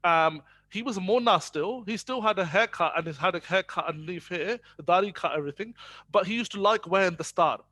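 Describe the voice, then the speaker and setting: A man's voice: sits high, fairly quick, sharp tone, dry recording. A man teaching a class on Sikh faith, hesitant with many fillers, switching between English and Punjabi.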